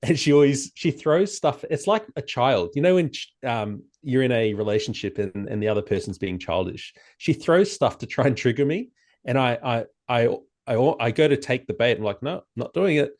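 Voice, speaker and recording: As a podcast guest, this man talks in a casual, animated way at medium pitch. His speech stumbles with frequent restarts, and he performs quoted back-and-forths loudly.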